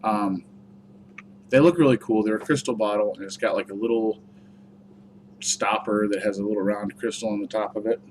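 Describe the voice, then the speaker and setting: A man talking loosely through a product review, rambling from one thought to the next with lots of "uh" and "like." His voice sits on the low side, and a faint hum runs underneath. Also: fairly even intonation, moderate pace, pauses often. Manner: rambling, chatty, many fillers. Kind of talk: casual review vlog.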